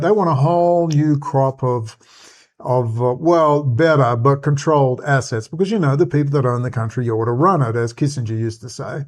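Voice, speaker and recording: A man's voice: mid-range voice, normal speed, a little mellow. An Australian man hosting his own channel, delivering an agitated, rambling, profane commentary rant. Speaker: channel host.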